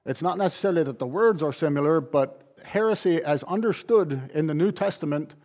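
Brisk and on the high side, with a darkish tone, a pastor delivers his sermon. His preaching runs on emphatic, repeated phrases that drive each idea home.

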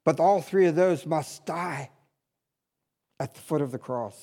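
A man preaching a sermon, swinging between loud urgent appeals and hushed low asides in a repetitive preaching cadence. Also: a little slow. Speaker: pastor.

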